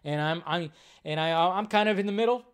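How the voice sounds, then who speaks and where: Male podcast host, slightly high-pitched, casual, excitable, swears freely, lots of ums and restarts. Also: brisk, clear, resonant tone. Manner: excitable and profane, many fillers and restarts. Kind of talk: casual live-stream chat.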